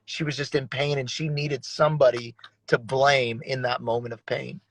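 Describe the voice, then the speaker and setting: Male pastor, 30s, gravelly voice, dry close sound, earnest testimony. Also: medium pitch, level tone, normal speed, fairly bright tone, dry recording, poor audio. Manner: earnest, emotional storytelling with many restarts. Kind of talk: conversational testimony in an interview.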